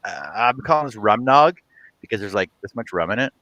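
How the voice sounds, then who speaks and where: A man's voice: fairly low pitch, expressive, a little fast, pushed and bright, dry recording. A man, joking easily in a casual live chat. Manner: easygoing and jokey.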